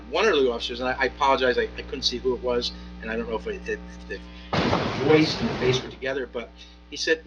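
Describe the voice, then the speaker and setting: A man, a municipal judge, speaking from the bench in a courtroom, giving a measured ruling with frequent pauses, fillers and restarts. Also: mid-range voice, highs cut off, over music.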